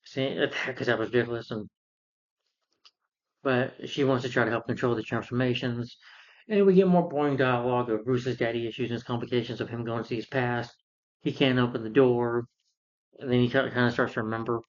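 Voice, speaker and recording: A man's voice: mid-range voice, fairly even intonation, fairly quick, lo-fi sound. A man casually recapping a film in a rambling rant, full of fillers and sarcastic asides. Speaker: film reviewer.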